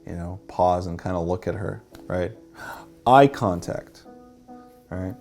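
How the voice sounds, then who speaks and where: A man's voice: deep voice, takes it slowly, vocal fry, a little mellow, faint music behind. A man teaching a workshop as a dating coach, explaining and demonstrating how to deliver lines.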